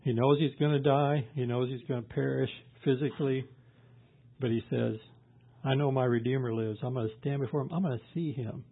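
A man with a husky, slightly breathy voice preaches a sermon, leaning into each scripture reading with slow emphasis before easing back into plain explanation. The sound is thin and tinny, like a phone line. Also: medium pitch, steady tone. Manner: reads scripture slowly and emphatically, then explains in plain conversational asides.

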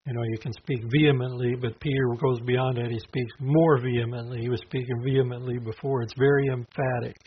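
Man, preacher, Bible teaching, conversational, husky voice, lo-fi sound. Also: medium pitch, little pitch movement, a little fast, few pauses. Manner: conversational, with fillers and asides. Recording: dull lo-fi recording.

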